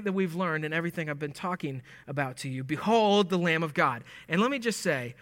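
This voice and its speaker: A preacher works through a Bible passage casually and jokingly, acting out lines and laughing. His slightly high, a bit bright voice is animated and a little fast with few pauses, and the recording has long hall reverb.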